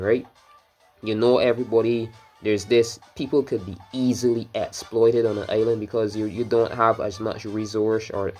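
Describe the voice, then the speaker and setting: A man's voice: fairly low pitch, darkish tone. A man from Barbados giving casual, rambling commentary while playing a racing game, drifting into swearing rants. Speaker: gameplay commentator.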